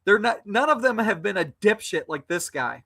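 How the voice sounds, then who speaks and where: This man, a guest on a live stream, is locked in a heated argument over video call, hurling repeated insults at a troll in anger. He speaks at normal speed in a high, very animated voice that's creaky and fairly bright.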